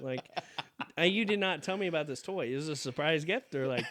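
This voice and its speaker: A young man co-hosting a podcast speaks a little fast in a voice on the high side. He tells stories in casual chat, animated, profane, and laughing.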